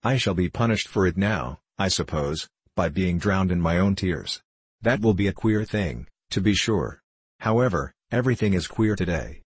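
Storybook girl, curious, polite and chatty, read by a man in a deep, husky voice. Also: lively intonation, normal speed, no room sound. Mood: wondering. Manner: chatty, eager, prone to rambling on. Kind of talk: audiobook character reading.

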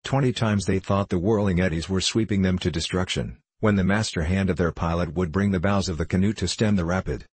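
Deep, husky audiobook narrator. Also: male voice, a little fast, hardly any pauses, no room sound. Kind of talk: scripted narration of a classic novel.

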